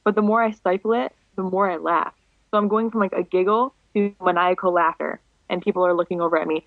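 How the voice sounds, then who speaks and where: A young woman in her twenties chatting as a podcast guest, animated and quick to laugh. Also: fairly low pitch, dry recording. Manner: giggly, animated storyteller, laughs often. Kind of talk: casual podcast chat. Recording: dull lo-fi dry sound.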